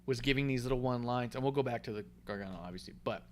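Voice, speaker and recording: A man co-hosting a casual wrestling podcast, excitable and swearing freely, acting out quotes as he talks. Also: mid-range voice, very fast. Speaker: podcast co-host.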